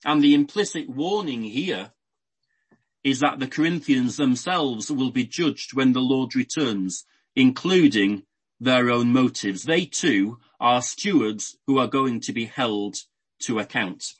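Male preacher, husky tone, mid pitch, talking through scripture with everyday examples. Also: unhurried, low-quality recording. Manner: unscripted Bible exposition with everyday examples, frequent restarts. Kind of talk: sermon.

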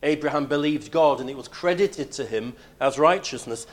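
A man preaching a sermon, emphatic, moving between loud declarations and hushed lines. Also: on the high side, normal speed.

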